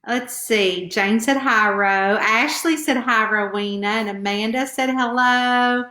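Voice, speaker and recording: A woman's voice: a little high, takes it slowly, sharp tone. A middle-aged woman with a Southern hillbilly twang, chatting nervously with viewers on a live stream from home and greeting them by name. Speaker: author hosting a live stream. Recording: echoey room.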